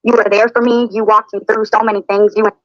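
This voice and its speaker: A woman's voice: mid-range voice, flat delivery, fast, dry recording. A woman hosting a livestream, upset and defensive in a heated argument. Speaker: livestream host. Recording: dull lo-fi stream audio.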